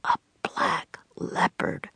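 A woman's voice: on the high side, fairly even intonation, drawn-out words, gravelly, pushed and bright, smooth, no room sound, pitched above the performer's own voice, exaggerated voice. Lady doing a nervy bookish kid, voice raised, storybook read-aloud, dry sound. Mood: hushed. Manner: raised, boyish, a little anxious. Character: young boy, cautious and bookish.

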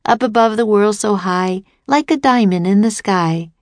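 A woman voicing a cheerful, bold young girl who speaks in a bright, eager way. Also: medium pitch, normal speed, dry recording, close to an everyday voice.

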